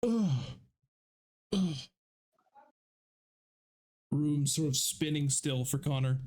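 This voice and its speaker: Slow, halting male game master. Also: a little high, a little mellow. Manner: halting, full of fillers. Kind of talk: narrating a tabletop game.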